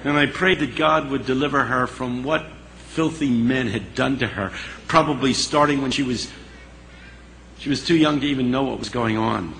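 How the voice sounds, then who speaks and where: A man telling a story in a sermon, animated and dramatic, dropping into a hush at the tense moments. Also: mid-range voice, normal speed, gravelly, slight background noise, poor audio. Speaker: speaker.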